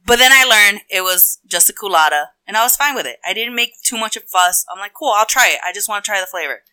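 Woman, very bright voice, crisp and clear, casual profane storytelling, exasperated. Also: mid-range voice, lively intonation, fast talker.

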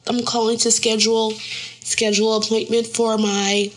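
A woman's voice: fairly high pitch, level tone, normal speed, voice pushed up, lightly acted. A woman voicing an overly formal, polite phone voice, careful and a little nervous. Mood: prim polite. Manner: prim and careful, with nervous hesitations. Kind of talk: comic impression.

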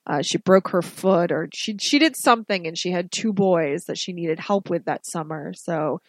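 A woman co-hosting a casual podcast, telling stories in a chatty, animated way. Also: lowish voice, normal speed, dry recording. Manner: chatty, animated storytelling with restarts. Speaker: podcast co-host.

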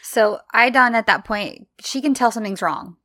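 A woman's voice: fairly high pitch, moderate pace, pushed and bright, no echo. A woman co-hosting a podcast, telling what happens in an episode in a laid-back way. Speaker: podcast co-host. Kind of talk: casual recap chat.

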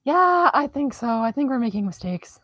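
Excitable giggly woman gaming. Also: on the high side, normal speed, dry recording. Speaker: player. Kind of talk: casual tabletop game chat.

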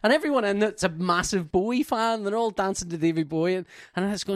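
A man's voice: high-pitched, fast, hardly any pauses, no echo, studio quality. A man in casual podcast chat, telling a story animatedly and acting out quotes. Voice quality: animated storyteller, breaks into laughter and acted-out quotes.

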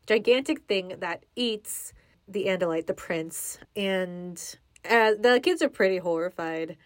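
A young woman talks casually through a book, reading passages aloud and laughing often. Her voice sits at a middling pitch. The recording is dry and close, with no room sound. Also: measured pace, no room sound. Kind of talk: casual chat, book discussion.

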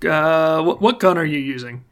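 A game master narrating a tabletop game in a relaxed, rambling way with many fillers. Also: medium pitch, moderate pace.

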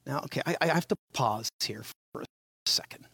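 A man in his sixties preaching a sermon, telling his childhood story in a dramatic, animated way. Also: medium pitch, brisk, vocal fry, breathy edge, no room sound, studio quality. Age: 60s.

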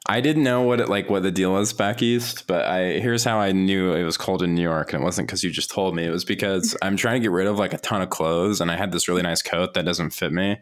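Deep-voiced rambling man. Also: a little fast, hardly any pauses. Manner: rambling storyteller, jumps pitch when excited. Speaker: podcast co-host. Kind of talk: casual chat.

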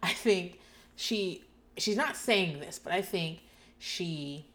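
A woman's voice: on the low side, animated, slow pace, a bit bright. A woman recapping reality TV in casual chat, sardonic and profane, laughing often. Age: adult parent. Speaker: podcast host.

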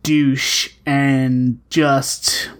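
A woman's voice: rumbling low, extremely slow. A woman co-hosts a casual podcast and recounts an everyday story with lots of energy. She talks in an exasperated way and swears freely. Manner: animated, profane, exasperated. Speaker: podcast co-host.

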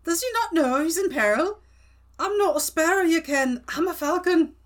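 A woman doing a gruff Glaswegian falcon. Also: very high voice, lively intonation, moderate pace, voice pushed up. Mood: gruff warning. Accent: put-on Scottish (Glaswegian). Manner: gruff, blustering. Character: fierce young male falcon, gruff and threatening.

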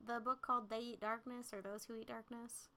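A woman co-hosting a casual podcast chat, talking softly, close to the mic. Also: fairly high pitch, level tone, brisk. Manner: soft, near-whispering into the mic. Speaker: podcast co-host.

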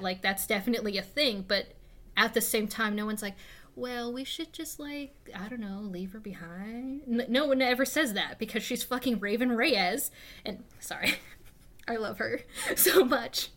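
Woman podcaster, higher voice, bright tone, animated casual chat, swears and laughs a lot. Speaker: podcast co-host.

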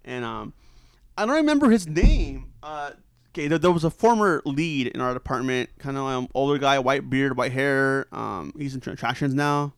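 A man telling a long, rambling story in casual chat, full of fillers and "right?" check-ins, getting loud and animated when he acts out shouted lines. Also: mid-range voice, normal speed, clean tone, dry recording.

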